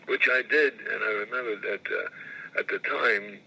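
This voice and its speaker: A man in his eighties, an actor, rambling through anecdotes in an interview, often repeating phrases and clearing his throat. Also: mid-range voice, moderate pace, bright, forceful tone, low-quality recording. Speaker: actor recalling his career.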